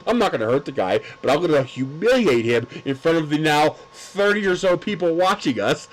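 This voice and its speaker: A man's voice: a little high, animated, a little fast, low-quality recording. A man hosting a livestream, telling stories in a casual chat with lots of laughter and crude jokes. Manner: laughing, crude joking storyteller. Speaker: livestream host.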